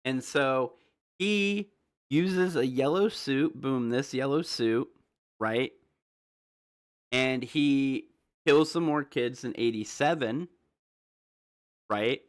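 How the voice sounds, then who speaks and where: A man's voice: mid-range voice, slow pace, pauses often. A man hosting a livestream, rambling through theories in loose casual chat, full of fillers and asides to viewers. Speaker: livestream host.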